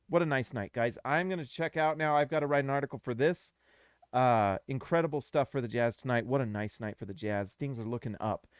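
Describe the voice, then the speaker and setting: A man's voice: medium pitch, slight background noise. A man hosting a casual live reaction stream, talking to his viewers in an effusive way and repeating himself often.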